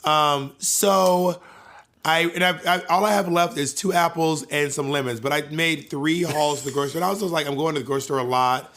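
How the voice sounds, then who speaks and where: A man co-hosting a podcast, chatting casually and telling stories in an animated, playful way, swearing freely. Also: mid-range voice. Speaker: podcast co-host. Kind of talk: casual chat.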